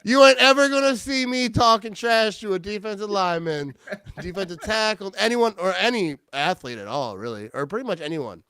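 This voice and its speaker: A man hosting a casual sports talk show, excitable and quick to laugh, often restarting his sentences. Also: high voice, smooth, no room sound. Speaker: podcast host.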